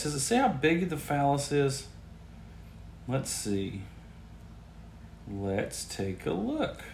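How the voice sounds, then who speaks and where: A mid-range male voice with a measured pace and long pauses belongs to a podcast host doing profane comedy about strange news stories. He's crude and disbelieving, with animated outbursts, recorded in a roomy, echoing space.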